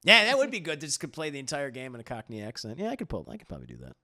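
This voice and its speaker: A man hosting a casual podcast while playing a racing game. He is animated and laughs often. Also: mid-range voice, very fast, dry recording, clean studio sound. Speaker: podcast host. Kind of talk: casual chat while gaming.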